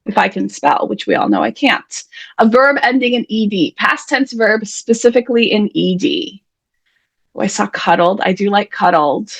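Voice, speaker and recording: A woman's voice: mid-range voice, animated, normal speed, gravelly, slightly rough, no room sound. A woman hosting an online word game on a video call, chatty, playful and self-deprecating as she reads out the players' suggestions. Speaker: host and emcee of an online writers' event. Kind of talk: casual live-stream game hosting.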